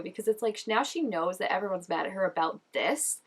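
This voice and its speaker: A woman's voice: a little high, lively intonation, moderate pace. A young woman reacting to a show episode in casual, gushing commentary, chatty and full of "like". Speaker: reaction vlogger.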